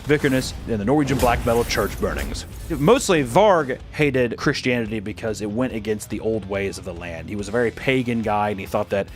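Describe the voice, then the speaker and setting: A man's voice: on the low side, animated, brisk, soft background music. A man hosting, telling a story casually in a sarcastic, joking way and swearing freely. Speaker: host.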